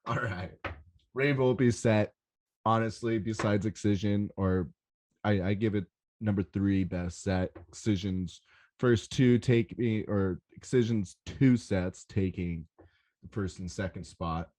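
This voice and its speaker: Young male podcast host, lower voice, casual, animated, profane, rambling. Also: takes it slowly. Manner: excitable, swears a lot, rambling and animated. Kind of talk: casual solo podcast recap.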